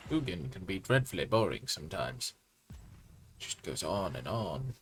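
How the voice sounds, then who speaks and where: A man's voice: low voice, sing-song, normal speed, a bit bright, slight background noise. A man hosting live gameplay commentary, thinking aloud and reacting to each play with groans, exclamations and wry self-mocking asides. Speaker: host.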